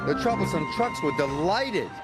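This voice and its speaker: A man narrating a children's train story in an expressive, measured storybook style. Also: sits high. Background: music.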